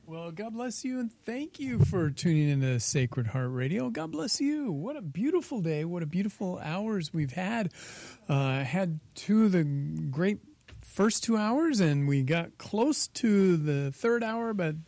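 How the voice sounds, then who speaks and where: A man's voice: sits high, sing-song, measured pace, dark tone, no room sound. A man hosting a station fundraising appeal on the radio, upbeat and thankful, talking in a slightly rambling way. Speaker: radio station general manager, host.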